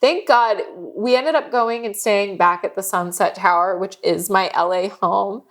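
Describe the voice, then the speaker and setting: A woman's voice: medium pitch, measured pace, a bit bright. A woman co-hosting a podcast, telling stories in casual chat, candid and profane, often laughing as she talks. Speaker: podcast co-host.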